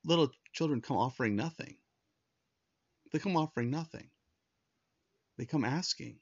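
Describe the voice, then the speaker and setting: A man's voice: medium pitch, normal speed, husky, no room sound. Man, sermon, earnest and conversational, dry close sound, slightly dull recording. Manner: earnest, conversational with frequent restarts. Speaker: pastor.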